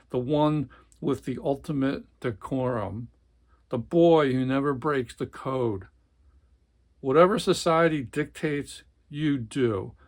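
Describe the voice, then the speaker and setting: A man reading a blunt, cutting older brother. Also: medium pitch. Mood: contemptuous. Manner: cutting, accusing. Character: harsh older brother, a blunt male surgeon.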